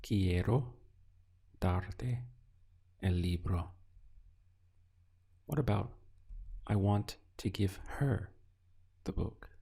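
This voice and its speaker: A man teaching beginner Spanish in a slow, patient lesson, prompting the listener and pausing for answers. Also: on the low side, vocal fry, mellow, slightly rough. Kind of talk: audio language lesson.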